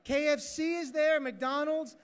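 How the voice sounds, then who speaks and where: Serving as master of ceremonies in a large hotel ballroom, a man with a very high-pitched voice performs a stand-up routine at a measured pace. He jokes and animatedly acts out characters, and the hall echoes around him.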